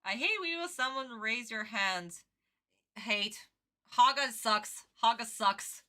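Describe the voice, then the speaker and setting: A woman streamer giving casual livestream reaction commentary in an animated, exclamatory way, swearing freely. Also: fairly high pitch, slow pace.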